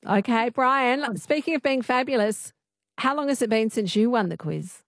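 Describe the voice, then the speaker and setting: A woman's voice: fairly high pitch, moderate pace, no room sound, studio quality. Chatty woman hosting a radio quiz. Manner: chatty, friendly, explains answers at length. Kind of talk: late-night radio quiz chat. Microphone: studio microphone.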